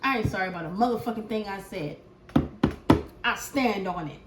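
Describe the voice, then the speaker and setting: A woman giving a tarot collective reading as an impassioned, profane rant. She swings from loud outbursts to hushed prayer. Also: mid-range voice, moderate pace, echoey room, very noisy. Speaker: tarot reader.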